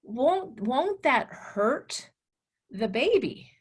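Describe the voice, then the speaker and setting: A woman's voice: high voice, sing-song, extremely slow, husky, pitched above the performer's own voice, full character voice. A woman voicing a puzzled teenage boy student who keeps pressing his question. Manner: insistent, questioning.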